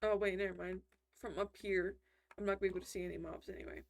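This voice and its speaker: A woman's voice: mid-range voice, steady tone, fast, vocal fry. Rambling woman chatting over gameplay. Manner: rambling, self-interrupting, chatty. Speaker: gaming commentator. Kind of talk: casual game commentary.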